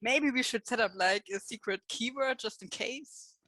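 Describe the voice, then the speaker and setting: A woman's voice: on the high side, normal speed, bright, forceful tone, dry recording, poor audio. Woman player, dry close sound. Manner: plans and describes her bear character's actions. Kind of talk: casual tabletop role-play.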